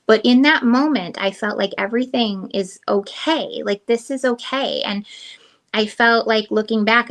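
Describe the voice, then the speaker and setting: A middle-aged woman co-hosting a casual podcast tells a personal story in a bright, ringing voice. She talks candidly and emotionally, circling back with fillers and restarts as she searches for words. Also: mid-range voice. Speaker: podcast co-host. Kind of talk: casual chat.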